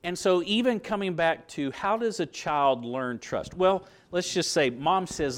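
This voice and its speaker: A man's voice: on the high side, lively intonation, unhurried, few pauses. A middle-aged man teaching a Bible lesson in sermon style, asking rhetorical questions and acting out quoted voices. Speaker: preacher teaching a Bible class.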